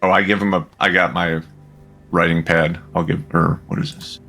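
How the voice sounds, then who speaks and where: Man, tabletop player, very low flat voice, faint music behind. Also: normal speed. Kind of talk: tabletop game play.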